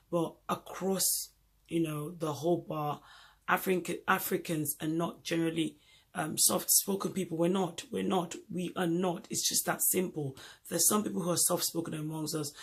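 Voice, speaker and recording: A man's voice: fairly high pitch, creaky, breathy edge. A man from Nigeria with a Nigerian accent, talking in an emphatic casual monologue and repeating points for stress. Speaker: vlogger host.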